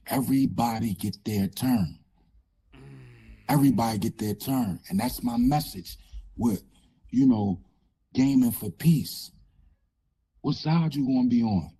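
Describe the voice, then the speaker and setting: A man with a raspy, changed voice, speaking haltingly as an interview guest telling a personal story, with many pauses and fillers. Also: mid-range voice, mellow.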